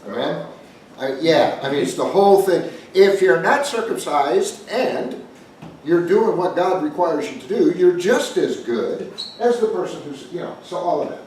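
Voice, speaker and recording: A man's voice: a little high, measured pace. A male pastor telling a joke-filled story to a group and bantering with his listeners. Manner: joking, animated storyteller, chats with the audience. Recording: echoey room from a distant mic with faint noise.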